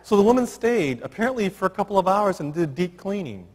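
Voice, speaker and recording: A man telling a story in a keynote address, acting out every line of dialogue. His voice is husky and sits fairly high, and his pitch swings widely. It echoes with a long reverb across a large hall. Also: fast. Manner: animated storyteller who acts out the dialogue. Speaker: keynote speaker.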